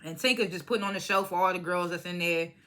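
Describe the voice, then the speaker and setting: Young woman, bright and forceful voice, casual profane TV recap, blunt opinions. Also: fairly low pitch, fairly even intonation, fast talker. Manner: blunt, profane and opinionated, mimics cast members. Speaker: reality TV recap vlogger. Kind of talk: casual reality show review.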